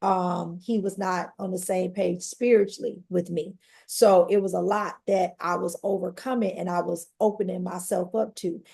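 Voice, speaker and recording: Gravelly woman telling her story. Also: on the low side, normal speed, hardly any pauses. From Detroit. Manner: animated, conversational storytelling with acted-out quotes. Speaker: podcast guest. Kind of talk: personal storytelling.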